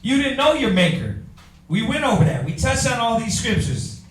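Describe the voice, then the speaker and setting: High-voiced preacher in an echoey room. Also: male voice, sing-song, moderate pace, distant mic. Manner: fires rhetorical questions, calls on readers. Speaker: Bible class teacher. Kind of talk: preaching Bible class.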